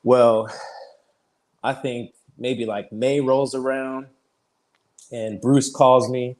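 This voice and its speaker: A man in his thirties, a pitcher guest on an interview show, telling his story casually, peppered with "like" and easy laughs. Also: flat delivery, slow pace, darkish tone. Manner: chatty, fills speech with "like", retells conversations; laughs easily while telling stories.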